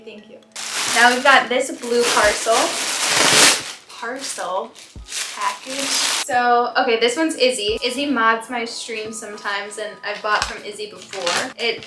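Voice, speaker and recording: A woman in her twenties doing a casual unboxing vlog, gushing and squealing with excitement. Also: a little high, noisy background. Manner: gushing, squealing excitedly, says "shut up" and "oh my God". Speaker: fashion vlogger. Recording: echoey room with faint background music.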